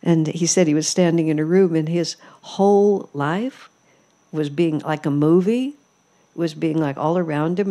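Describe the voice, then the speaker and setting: A woman giving a spiritual talk in an ashram, telling stories in an amused, reflective way. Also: low-pitched. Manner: warm storytelling, amused, reflective. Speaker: spiritual teacher. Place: ashram hall.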